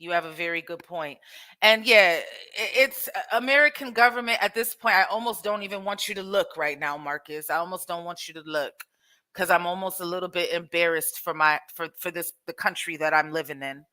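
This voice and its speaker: A woman hosting her own show, casually commenting on clips in an animated way with rhetorical questions. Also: on the low side, fairly quick. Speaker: host.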